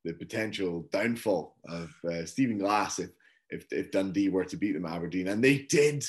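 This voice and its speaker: A man co-hosting a football podcast, chatting in a relaxed, rambling way with lots of fillers. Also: sits low, moderate pace. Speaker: podcast co-host. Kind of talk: casual chat.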